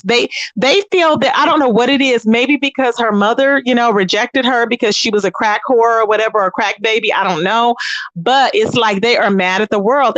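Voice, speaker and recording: A woman hosts a livestream and rants in profane, combative bursts, with a high voice that stays pointed and scornful. She turns to her viewers with drawn-out, sassy asides. The sound is dry and close, with no room echo. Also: fairly bright tone. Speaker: livestream host. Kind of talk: ranting livestream commentary.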